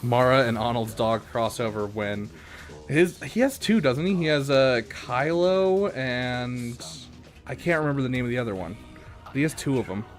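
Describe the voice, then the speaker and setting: A man's voice: medium pitch, moderate pace, soft background music. A man casually commenting on a live stream, thinking aloud with frequent fillers. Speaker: streamer reviewing game accounts.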